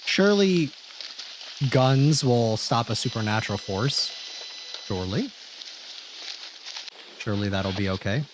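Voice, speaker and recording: A man's voice: fairly low pitch, normal speed, hardly any pauses, background noise. A man streaming a horror video reaction, commenting casually, joking with chat and swearing freely.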